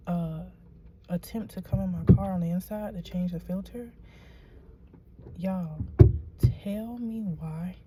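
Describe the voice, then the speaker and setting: A woman tells a rambling story to her viewers from her car, dropping to a hush and then rising to loud, excited disbelief. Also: on the low side, very noisy. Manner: excitable, rambling, quick to swing between hushed and loud. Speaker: vlogger. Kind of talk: casual storytelling to camera. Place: in a car at a shop, then parked.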